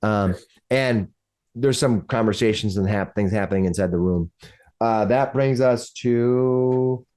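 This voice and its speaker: A man's voice: on the low side, measured pace, warm tone, clear, resonant tone. A man running a tabletop game as game master, narrating with frequent restarts. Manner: rambling, many restarts.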